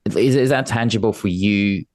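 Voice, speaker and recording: A man's voice: lowish voice, normal speed, darkish tone, no room sound, studio quality. A man hosting a business interview, casually summarizing points for listeners and asking follow-up questions. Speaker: interview host.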